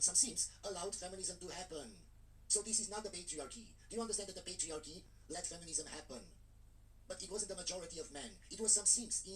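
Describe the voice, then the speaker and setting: A man's voice: a little high, a bit bright. A man commenting on videos in a blunt, scornful, lecturing way. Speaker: online commentator. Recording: distant played-back clip with faint noise.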